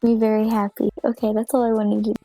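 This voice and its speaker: Chatty woman with a mellow voice. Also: a little high, monotone, fast, faint music behind, low-quality recording. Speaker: guest player. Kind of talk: casual stream chat.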